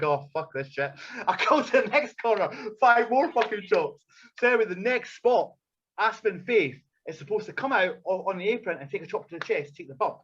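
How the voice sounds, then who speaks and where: A man's voice: sits high, lo-fi sound, a little hiss or hum. A man, a wrestler telling backstage stories in casual, profane chat and acting out the people in them. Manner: profane, animated storyteller acting out quotes. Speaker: wrestler and podcast regular.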